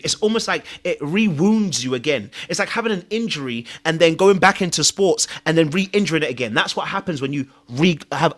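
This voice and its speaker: A man's voice: a little high, a bit bright. A man hosting a podcast, giving emphatic, confessional dating advice. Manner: emphatic, confessional, acts out own thoughts. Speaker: podcast host and dating coach. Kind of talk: animated advice monologue.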